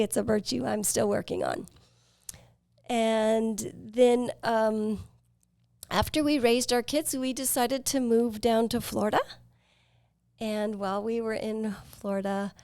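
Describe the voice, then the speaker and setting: A woman in her fifties, hosting a podcast, telling her life story in an earnest, reflective way with pauses and fillers. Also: medium pitch, vocal fry, a little mellow, no room sound, clean studio sound. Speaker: podcast host. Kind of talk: personal storytelling.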